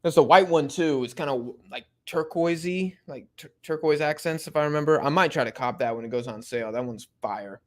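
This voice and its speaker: A young man casually chatting through a live football watch-along, reading and answering chat in relaxed slang. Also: fairly high pitch, a little fast, few pauses. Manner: laid-back slang-heavy chatter, many fillers.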